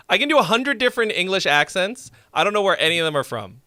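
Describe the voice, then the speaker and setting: Lively joking male streamer. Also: high-pitched, quick pace, hardly any pauses, no echo. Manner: swears freely, rambling and jokey. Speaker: streamer and song critic. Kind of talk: casual live-stream chat.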